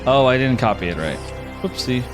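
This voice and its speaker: A man's voice: mid-range voice, expressive, brisk, over music. A man narrating as game master, casual and rambling. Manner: casual, rambling, self-deprecating.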